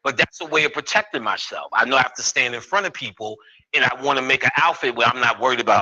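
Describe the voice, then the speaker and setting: This live comedic spiritual lecture features a fast-talking man in his fifties with a medium-pitched, sharp voice who swears, jokes and riffs with the audience. The recording's high frequencies are cut off.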